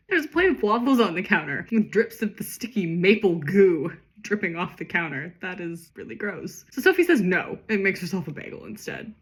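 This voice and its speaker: Husky woman reading with sarcastic asides. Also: lowish voice, sing-song, normal speed. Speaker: reader of her own childhood story. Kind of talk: comic reading with commentary.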